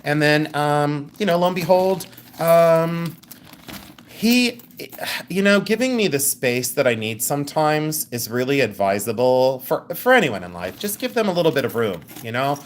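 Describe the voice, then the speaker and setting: A woman hosting a live jewelry sale stream, chatting in a rambling way and thinking out loud as she shows each piece. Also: low-pitched, big pitch swings, moderate pace, a little hiss or hum. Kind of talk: live sales stream chat.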